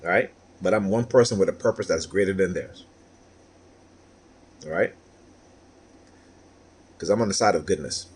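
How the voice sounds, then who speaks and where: A man's voice: sits low, normal speed, long pauses, darkish tone, slightly rough. A man talking straight to camera in a personal monologue, aggrieved and repetitive, tagging his points with "right?". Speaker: vlogger.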